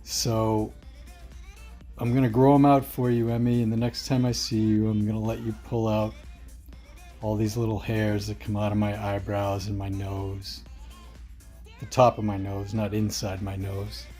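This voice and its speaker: A middle-aged father recording a short, unhurried video message for his daughter. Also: lowish voice, level tone, warm tone, soft background music. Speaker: father of the bride.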